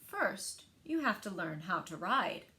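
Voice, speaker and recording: A woman voicing a calm, patient father frog in a read-aloud picture book, in a steady reassuring way. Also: mid-range voice, takes it slowly, voice pushed down, full character voice.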